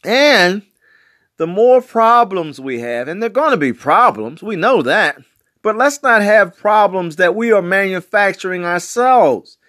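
A man's voice: high-pitched, sing-song, a little slow, a bit bright, dry recording, clean studio sound. A man in his sixties from West Baltimore, delivering an emphatic political commentary monologue with repetitive, slangy phrasing. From West Baltimore, USA. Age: 60s.

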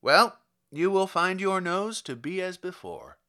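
A man's voice: sits high, expressive, unhurried, pushed and bright, pitched above the performer's own voice, full character voice. Man doing a polite, rambling police officer. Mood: courteous. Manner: courteous, long-winded.

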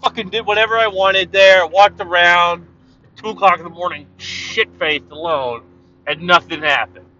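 A man from Canada, loud and profane, rambling through a casual monologue while driving. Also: high voice, moderate pace. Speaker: vlogger. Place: driving in a car. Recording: dull lo-fi sound, car noise.

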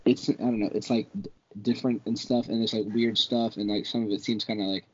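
A man's voice: fairly low pitch, fairly even intonation, a little fast, darkish tone, slight background noise. A man co-hosting a podcast in casual chat, rambling and full of filler words. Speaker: podcast co-host. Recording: dull lo-fi podcast audio.

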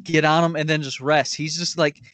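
A man co-hosting a casual podcast, agreeable and relaxed, laughing as he talks. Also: on the high side, brisk. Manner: easygoing, agreeable, laughs while talking. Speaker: podcast co-host. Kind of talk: casual chat.

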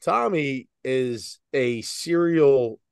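A man's voice: medium pitch, animated, extremely slow, gravelly, smooth, dry recording, clean studio sound. A man co-hosting a casual podcast, teasing his friend and asking curious questions. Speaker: podcast co-host. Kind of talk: casual chat.

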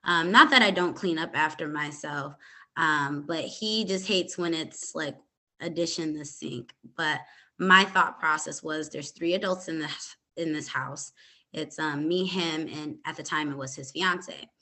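A young woman hosts her own podcast and tells a personal story in a calm, halting way, with frequent fillers. Her voice sits a little low in pitch and has a bright, forceful tone. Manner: calm, hesitant retelling with many fillers. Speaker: podcast host.

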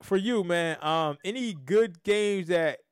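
A man hosts a casual sports podcast, slightly higher-pitched than most men. He talks in animated bursts that swing from loud to soft, restarting his sentences as he goes. The sound is dry, with no room echo. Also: takes it slowly, clean tone. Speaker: podcast host.

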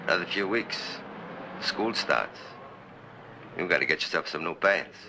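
A middle-aged actor playing a weary, matter-of-fact father in a 1960s film drama, with a gravelly voice and an offhand manner. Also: sits low, measured pace, a little hiss or hum, full character voice, poor audio. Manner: flat, offhand and practical.

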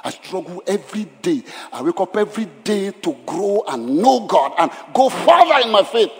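Male pastor mid-sermon, emphatic with hushed drops, slightly high voice, echoing church hall. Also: sing-song, normal speed. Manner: emphatic, swings between loud and hushed. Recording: long hall reverb.

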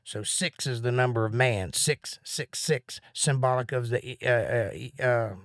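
Breathless, excitable man teaching scripture. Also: medium pitch, unhurried, no room sound, studio quality. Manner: excited, rambling, thinking aloud. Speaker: Bible study teacher. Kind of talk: live-streamed Bible study teaching.

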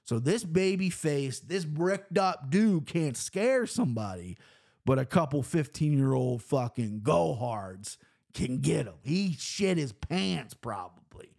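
A man's voice: big pitch swings, slow pace, vocal fry. Brash, profane man ranting on a podcast. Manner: brash, profane, ranting, swings between loud outbursts and low asides. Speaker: podcast host. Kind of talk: casual monologue.

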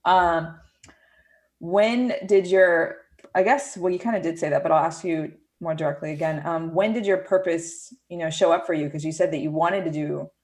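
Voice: medium pitch, steady tone, normal speed. Podcast host asking rambling questions. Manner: friendly, agreeable, rambling questions. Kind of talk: casual interview talk.

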